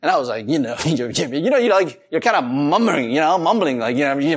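Animated preaching man, lively pitch. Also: moderate pace, breathy edge. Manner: animated preaching with laughs and acted-out quotes. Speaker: pastor. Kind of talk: sermon.

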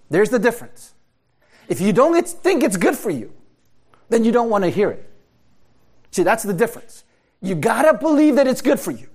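Animated high-voiced preacher man. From America. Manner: conversational preaching, rhetorical questions, frequent laughs. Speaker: pastor. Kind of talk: sermon.

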